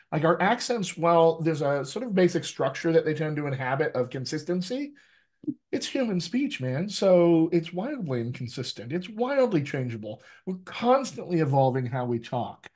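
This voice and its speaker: A middle-aged man, a dialect coach, teaching an online workshop in an emphatic, conversational way, often checking in with "right?". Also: mid-range voice.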